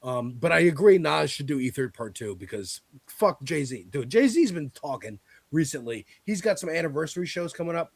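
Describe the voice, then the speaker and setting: Male American host, gravelly, casual and profane, dry recording. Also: a little high, expressive, normal speed, no room sound. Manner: loose, laughing, swears freely. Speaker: podcast host. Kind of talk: casual political chat.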